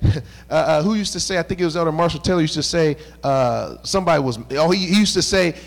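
A fairly high-pitched man in his thirties preaching a midweek sermon. He talks to the congregation in a relaxed, conversational way, then lifts into emphatic, rising bursts. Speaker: pastor.

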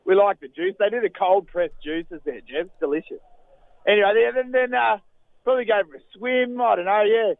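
A man's voice: high voice, a little fast, gravelly. A man playing a laid-back Australian holidaymaker with an Australian accent who rambles and trails off, calling in. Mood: rambling. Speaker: caller. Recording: tinny phone line.

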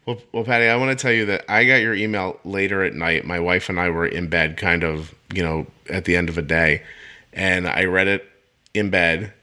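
A man's voice: low voice, steady tone, normal speed, pushed and bright. A middle-aged man hosting a podcast interview, emotional and self-deprecating, joking with his guest. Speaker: podcast host. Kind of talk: casual interview chat.

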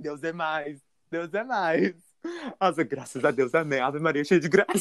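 A young man telling a story in a casual, animated and profane way, with a background. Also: fairly high pitch, fast talker, no echo.

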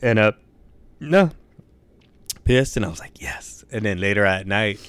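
A man's voice: lowish voice, expressive, moderate pace, a bit bright, clean tone, dry recording. A young man telling a story in casual chat, laid-back and loose, swearing a lot and saying dude and bro.

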